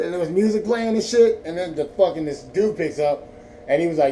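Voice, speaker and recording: A stoned vlogger from Northern California's Central Valley tells a profane, rambling story in a laid-back way. His voice is fairly high, fairly quick, and dark-toned, picked up by a distant mic with faint background noise.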